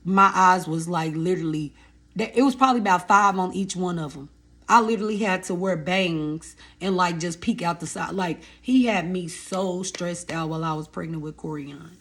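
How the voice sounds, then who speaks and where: Woman in her thirties, storytelling vlog, animated and direct with her viewers. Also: on the low side, moderate pace. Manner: animated, addresses viewers as y'all and baby. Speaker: vlogger telling her life story.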